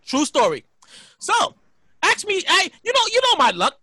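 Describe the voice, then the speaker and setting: A woman hosting a podcast, telling a story in a casual, animated way, swearing and repeating her lines. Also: very high voice, normal speed, pauses often, dry recording, clean studio sound. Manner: animated, profane, repeats herself. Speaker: podcast host.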